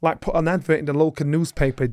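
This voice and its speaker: A man tells stories as an interview guest, his voice sitting a little high. He acts out the others in his tales and gets loud at the peaks, talking with real animation. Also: flat delivery, fast. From England. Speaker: guest, former boxer. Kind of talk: animated storytelling.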